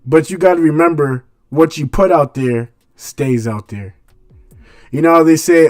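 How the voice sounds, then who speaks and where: A man's voice: a little high, a little slow, a little mellow, no room sound, clean studio sound, faint music behind. Blunt man preaching in street slang. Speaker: radio show host. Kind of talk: casual commentary monologue.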